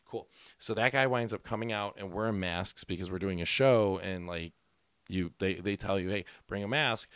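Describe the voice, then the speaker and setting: A man, a comedian, telling a story in casual podcast chat, animated and full of swearing. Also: low-pitched, moderate pace, clean tone, no echo, clean studio sound.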